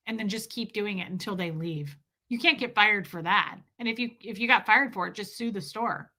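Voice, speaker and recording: A woman's voice: mid-range voice, normal speed, sharp tone. A middle-aged woman hosting a casual live stream, chatty and laughing as she reads viewer comments aloud. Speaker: livestream host reading chat.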